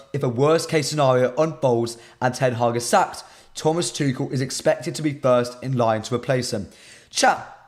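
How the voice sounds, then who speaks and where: A man presenting a live football stream, his voice shot and hoarse, talking casually to his chat and repeating himself. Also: medium pitch.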